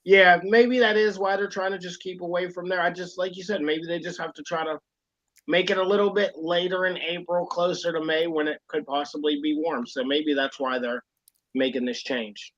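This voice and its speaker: A man co-hosting a podcast in loose, rambling chat, padding his points with fillers. His voice sits a bit high, and the audio is dull and lo-fi. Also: steady tone, normal speed, a bit bright. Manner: rambling, lots of fillers and "you know what I mean". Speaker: podcast co-host. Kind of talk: casual wrestling chat.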